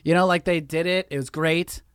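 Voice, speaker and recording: A woman's voice: fairly low pitch, steady tone, a little fast, smooth, dry recording, clean studio sound. A woman chatting casually and enthusiastically, swearing freely. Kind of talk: casual chat.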